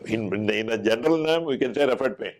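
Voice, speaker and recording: A middle-aged man, a doctor telling an anecdote in an animated way, with frequent stumbles and restarts. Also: mid-range voice, quick pace. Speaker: doctor giving a talk. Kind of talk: anecdotal storytelling talk.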